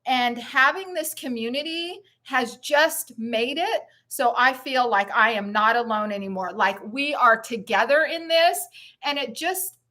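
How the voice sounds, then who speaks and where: Middle-aged woman, high bright voice, hyped up n out of breath, cheering on her live stream. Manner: enthusiastic, cheering, laughing often. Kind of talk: upbeat motivational live chat.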